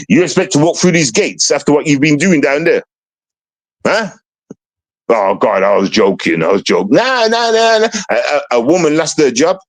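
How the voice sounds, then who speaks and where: A man's voice: on the high side, no room sound. A male streamer talking in casual stream chat, taunting and swearing a lot.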